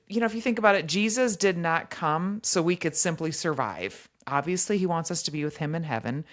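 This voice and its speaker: A woman co-hosting a faith podcast, leading the conversation in an enthusiastic, chatty way. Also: lowish voice. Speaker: podcast co-host.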